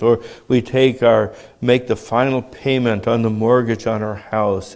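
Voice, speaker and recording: A man preaching a sermon in a measured teaching tone, asking rhetorical questions as he explains. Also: on the low side, vocal fry, a little mellow.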